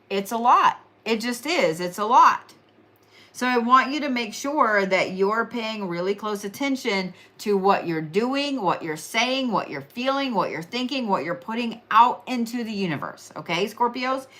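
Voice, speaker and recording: Her fairly bright, higher-pitched voice carries an Oklahoma accent as this young livestream host reads horoscopes in an astrology and reiki session. She yawns with tiredness yet stays chatty and teasing, saying things twice to drive them home.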